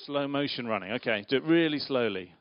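Male preacher, playful and interactive with the room, mid-pitched voice on a dull, muffled recording. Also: brisk. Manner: lively, questions the audience, playful. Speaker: preacher giving a children's talk. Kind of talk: interactive church talk with slides and volunteers. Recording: dull lo-fi sound.

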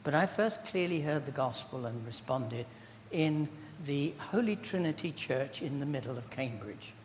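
A man's voice: medium pitch, lively intonation, moderate pace, slight background noise. An older man giving an informal sermon, chatty and rambling, telling self-deprecating stories. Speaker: preacher. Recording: dull recording in a reverberant hall.

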